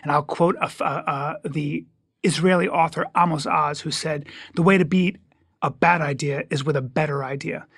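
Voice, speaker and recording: A man in his fifties, a comedian guest in casual chat, talking in an animated, joking way with quick restarts. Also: fairly high pitch, creaky, husky, no echo, studio quality. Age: 50s.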